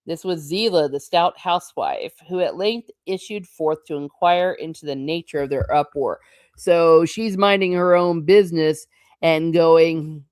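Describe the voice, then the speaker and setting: A woman's voice: sits low, a little slow, a little mellow, dry recording, clean studio sound. A woman reading a novel aloud and breaking off for casual, chatty comments, laughing often as she reacts to the text. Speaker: book channel host.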